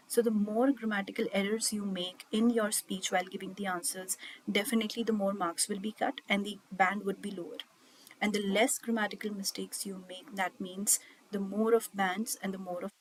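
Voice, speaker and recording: A woman's voice: medium pitch, a little hiss or hum, rough recording. A woman teaching an online IELTS speaking class, reading slide points aloud and explaining them, with frequent fillers like "okay" and "uh".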